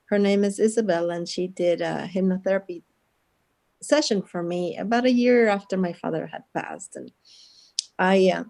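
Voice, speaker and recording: Mellow-voiced woman from Guatemala. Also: fairly low pitch, moderate pace, vocal fry. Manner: earnest, with frequent laughs and restarts. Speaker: guest. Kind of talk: casual interview storytelling.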